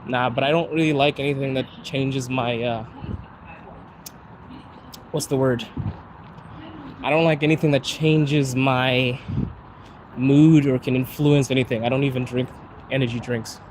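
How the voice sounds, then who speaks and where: A man from Zimbabwe live-streams into a phone outdoors on a city street, chatting casually with viewers in a rambling way and laughing often. His mid-range voice is steady and unhurried, with long pauses. The audio is poor, with outdoor traffic noise.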